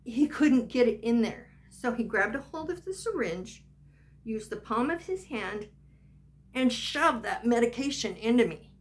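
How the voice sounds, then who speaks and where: A woman's voice: fairly high pitch, lively intonation, measured pace. An older woman vlogging, telling a personal story in a chatty, rambling way full of asides.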